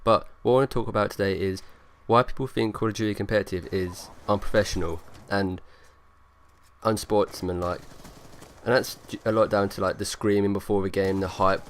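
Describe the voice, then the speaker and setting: A man's voice: lowish voice, fairly even intonation, brisk, slight background noise. A young man rambling through casual gameplay commentary, leaning on lots of fillers. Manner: rambling, filler-heavy, talks over gameplay. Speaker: gaming YouTuber.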